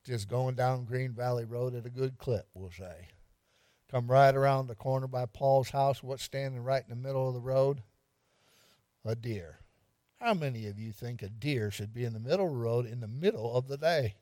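A man's voice: medium pitch, moderate pace, dark tone, no echo, clean studio sound. A man pastor giving an interactive evening sermon, quizzing the congregation and repeating lines for emphasis with light humor.

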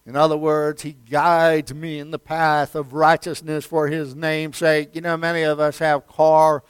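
A man preaching a sermon as pastor, who swings between loud, emphatic declarations and hushed near-whispers, repeating phrases and calling his listeners friend. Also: a little high, little pitch movement, measured pace, clear, resonant tone, no echo.

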